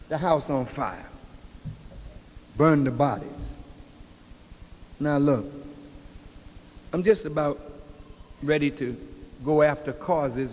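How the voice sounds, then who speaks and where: A man's voice: fairly high pitch, a little mellow. A man in his fifties preaching a sermon to a congregation in a large mosque, emphatic and speaking to them directly. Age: 50s. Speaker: minister. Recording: long reverb of a large hall.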